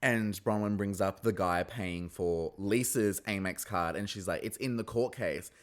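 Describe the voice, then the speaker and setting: A man giving a casual, gossipy recap of a reality TV episode, swearing freely and mimicking the cast in a high voice. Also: a little slow.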